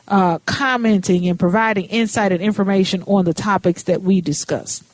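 A woman's voice: a little high, dry recording. A woman hosting a radio talk show, chatty and personal, calling her guest honey and baby. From Minnesota. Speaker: radio host.

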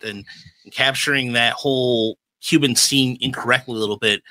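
A man's voice: mid-range voice, normal speed, sharp tone, no room sound, low-quality recording. A man hosting a podcast in casual chat, telling stories and giving firm opinions. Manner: chatty storyteller, opinionated. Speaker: podcast host.

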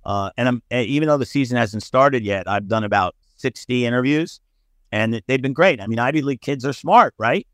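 A middle-aged man from the United States tells stories as a podcast guest. He talks in an animated, anecdotal way at a middle pitch. The recording is dry and close. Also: brisk, dry recording. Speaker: sportswriter guest. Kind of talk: storytelling podcast interview.

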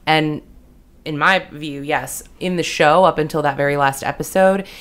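Low-voiced woman, analytical co-host. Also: normal speed, clear, resonant tone. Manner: articulate, analytical, with restarts. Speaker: podcast co-host. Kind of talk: casual discussion.

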